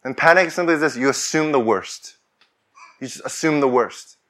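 A man's voice: medium pitch, normal speed, pushed and bright. A man preaching a sermon as pastor, talking conversationally and rising to fervent declarations.

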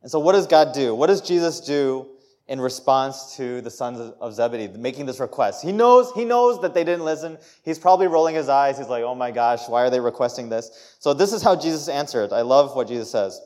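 A young man preaching a sermon, telling a personal story with lively, acted-out quotes and laughs. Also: medium pitch, fairly quick. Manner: animated storytelling, acts out quotes, laughs between lines. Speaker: pastor.

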